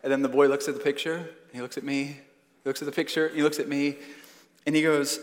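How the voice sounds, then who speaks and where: A man in his thirties preaching a sermon, earnest and emphatic, slowing down to stress key phrases. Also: medium pitch. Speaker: pastor. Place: church sanctuary. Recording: long church hall reverb.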